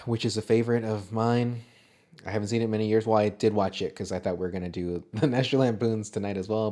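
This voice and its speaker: A man's voice: on the low side, warm tone. A man co-hosting a casual movie-review podcast, talking loosely with plenty of swearing, fillers and laughter. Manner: profane, jokey, frequent laughter and filler words. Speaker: podcast co-host.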